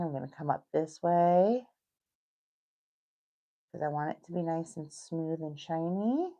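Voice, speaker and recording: Here the recording cuts off the highs, leaving her low, darkish voice sounding muffled. The same middle-aged New Yorker walks through a nail technique, thinking out loud and keeping her casual tutorial talk warm and reassuring.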